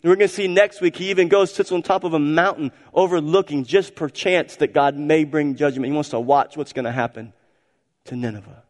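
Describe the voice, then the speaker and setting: Emphatic pastor preaching in a reverberant hall. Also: male voice, a little high, fairly even intonation, fairly quick. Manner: emphatic, repeats phrases, swings between loud and hushed. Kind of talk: sermon. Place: church sanctuary.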